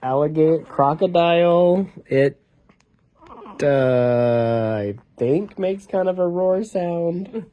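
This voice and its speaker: A man's voice: on the high side, lively intonation, slow pace, lo-fi sound. A man reading a picture book aloud to his baby in a casual home video, joking about what noises the animals make.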